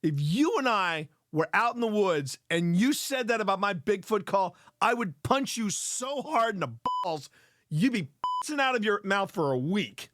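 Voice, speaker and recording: A man hosting a live show, reacting to clips in excitable, rambling commentary full of repeated words and swearing. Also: high-pitched, moderate pace.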